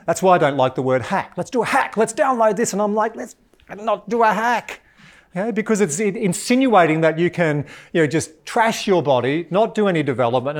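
An Australian man giving a live keynote in a large hall, joking and energetic as he talks with the audience. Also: fairly high pitch. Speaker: keynote speaker.

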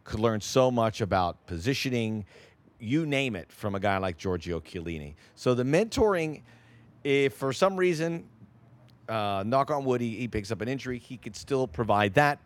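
A man's voice: medium pitch, expressive, normal speed. A man co-hosting a casual sports podcast, talking through a signing in a conversational way.

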